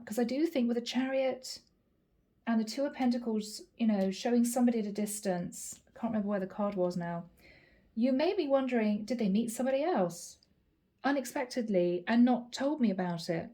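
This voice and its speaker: Her voice is a little high with a dark tone as she delivers a channeled tarot reading. The Irish reader talks chattily and lingers on words for emphasis.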